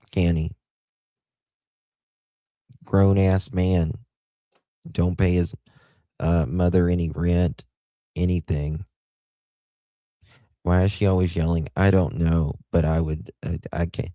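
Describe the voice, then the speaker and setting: Deep-voiced man, slow blunt commentary. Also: little pitch movement, mellow, no echo. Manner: blunt, crude, rambling. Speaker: livestream host. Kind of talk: livestream commentary.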